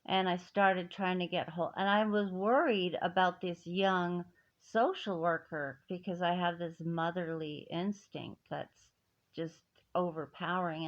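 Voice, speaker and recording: A middle-aged woman telling a personal grievance in an emphatic, indignant way, with many restarts. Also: on the low side. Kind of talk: personal story, speaking to camera. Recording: dull lo-fi audio.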